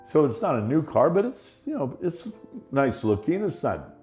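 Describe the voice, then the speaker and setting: A man's voice: fairly high pitch, big pitch swings, moderate pace, a little mellow, soft background music. A man telling stories in a casual conversation, laughing often and acting out the voices in his anecdotes.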